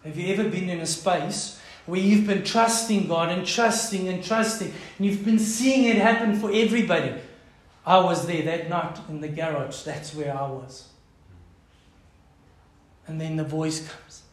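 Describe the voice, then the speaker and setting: A man with a South African accent preaching a sermon, passionate and then hushed by turns. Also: high-pitched, fairly even intonation, a little slow, reverberant, poor audio. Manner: impassioned preaching, swinging from loud to hushed. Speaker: pastor.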